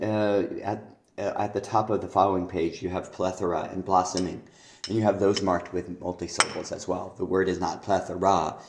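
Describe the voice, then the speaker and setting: In an echoey room, a male teacher records feedback on a student's poetry assignment, reading verse lines aloud. His low, darkish voice halts often, full of fillers and restarts.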